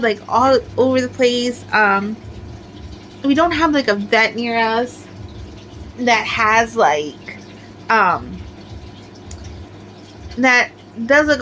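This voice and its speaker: A woman's voice: a little high, a bit bright, a little hiss or hum, low-quality recording. A middle-aged woman chatting casually as she shows off her crochet work, rambling with lots of filler words. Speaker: crochet crafter showing her amigurumi. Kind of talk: casual show-and-tell chat.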